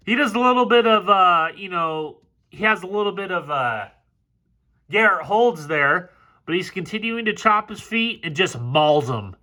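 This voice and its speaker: A man doing a football film breakdown, talking excitably and swearing freely as he gets fired up over the plays. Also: high voice, moderate pace.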